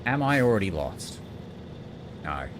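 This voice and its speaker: Deep-voiced joking man streaming. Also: sing-song, measured pace, background noise. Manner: joking, rambling. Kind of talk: casual gaming commentary.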